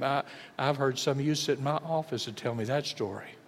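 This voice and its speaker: Dramatic preacher in a reverberant hall. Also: male voice, fast, hardly any pauses. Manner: dramatic, swinging between booming and hushed. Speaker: pastor. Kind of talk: sermon. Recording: long church hall reverb.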